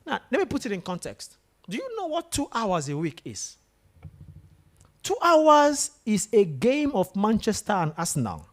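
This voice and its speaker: A man gives a motivational talk to a room of students. His pitch swings widely as he fires questions straight at the crowd and pushes them to answer. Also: a little slow. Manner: animated, questions the audience directly. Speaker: guest speaker at a university.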